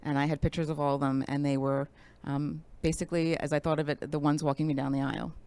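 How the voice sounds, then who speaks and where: A woman appearing as a guest on a talk show, soft-spoken and halting with frequent fillers as she talks. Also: deep voice, little pitch movement, clean tone. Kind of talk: casual interview.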